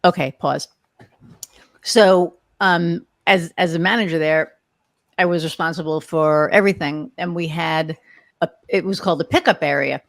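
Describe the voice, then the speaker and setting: Low-voiced and moderately paced, she's a sixty-something woman hosting a podcast that feels like a relaxed interview. Her stories ramble and chat along, with jokes about getting older. It's studio quality, with no room sound at all.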